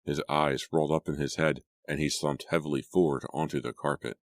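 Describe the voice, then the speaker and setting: Deep-voiced male narrator, steady read, dry booth sound. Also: a little fast, no room sound. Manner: steady storytelling, first-person read. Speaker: audiobook narrator. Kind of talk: scripted narration.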